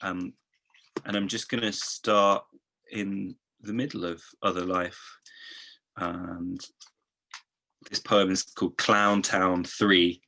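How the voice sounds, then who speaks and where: A man reading his poems aloud, expressive in the verse and hesitant and chatty between poems. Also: sits low, slow pace, pauses often. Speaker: poet. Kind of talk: poetry reading.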